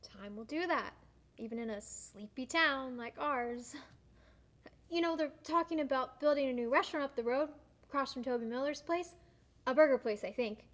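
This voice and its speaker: A woman's voice: sits high, normal speed, a bit bright. A young woman playing a teasing small-town sister. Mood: needling. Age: young adult. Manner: teasing, blunt. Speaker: actor. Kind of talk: student stage play.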